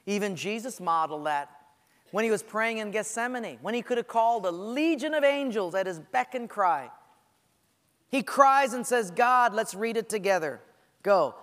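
A man's voice: high voice, a bit bright, big-room sound. A man preaching a sermon, telling stories with humor and acting out the voices of people praying and complaining. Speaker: pastor.

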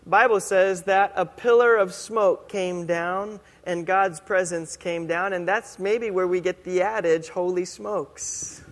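A pastor preaches in a relaxed, chatty way and slows down hard to stress key phrases. His voice is fairly high and rings with a long reverb from a church hall. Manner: conversational, casual, with slow, emphatic punchlines. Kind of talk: sermon.

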